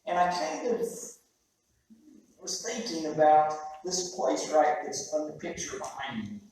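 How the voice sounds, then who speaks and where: High-voiced preacher in an echoey hall. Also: male voice, big pitch swings, a little mellow, a little hiss or hum. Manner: storytelling, conversational with halting restarts. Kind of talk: sermon. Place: church sanctuary. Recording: very echoey room, heard from a distance.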